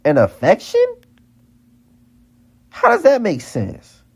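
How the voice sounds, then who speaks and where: A man's voice: high-pitched, huge pitch swings, slow, creaky, darkish tone, husky. Heated ranting man, repeating himself. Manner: heated, repetitive, stammering restarts. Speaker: vlogger. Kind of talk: ranting monologue.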